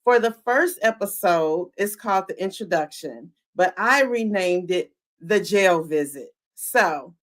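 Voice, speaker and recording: A woman's voice: fairly low pitch, measured pace, hardly any pauses. A woman hosting a live podcast, retelling a show's scenes with energy and asking her chat questions. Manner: animated, talks to the chat, acts out quotes. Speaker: podcast host. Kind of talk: live-streamed show recap chat.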